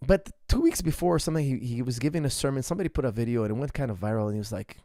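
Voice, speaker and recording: A man's voice: medium pitch, rapid-fire, hardly any pauses, warm tone, no echo, clean studio sound. A man, a martial arts coach, answers viewer questions in a casual chat. He talks in a rambling, emphatic way and often restarts his sentences. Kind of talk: casual ask-me-anything chat.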